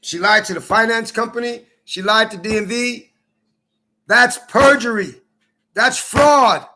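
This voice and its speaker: A vlogger from Minnesota with a high, bright voice rants bitterly straight at the camera, unhurried. He accuses and swears, circling back to the same lines again and again with a raw, personal edge, in an angry, repetitive, profane rant.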